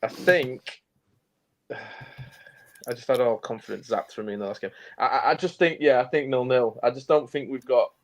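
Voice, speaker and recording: Blunt male co-host, middle pitch, talks in restarts and repeats. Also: moderate pace. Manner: blunt, repeats words while thinking. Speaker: podcast co-host. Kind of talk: casual football chat.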